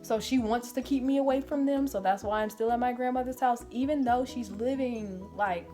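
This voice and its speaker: Profane, animated woman telling a storytime. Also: on the high side, a little fast, few pauses, soft background music. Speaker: vlogger. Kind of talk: get-ready-with-me storytime. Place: grandmother's apartment indoors.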